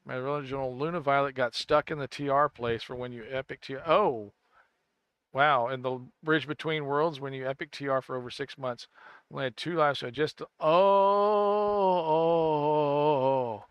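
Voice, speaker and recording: A man's voice: mid-range voice, fairly even intonation, a little fast, a bit bright, clear, resonant tone, no room sound, dull audio. A man chatting casually on a game livestream, rambling and stammering, correcting himself often and laughing easily. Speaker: gaming streamer.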